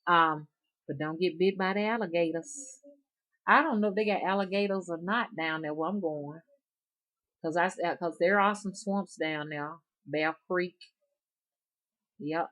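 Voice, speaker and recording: Folksy low-voiced Southern woman. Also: unhurried, fairly bright tone. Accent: Southern US, Alabama. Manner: rambling, folksy, chuckling often. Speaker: rootworker vlogger. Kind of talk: casual chat to viewers.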